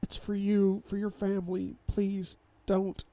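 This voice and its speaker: A man voicing a distressed young wife, breathy and high-pitched in her tearful pleas. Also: completely flat delivery, measured pace, dark tone, no echo. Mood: pleading.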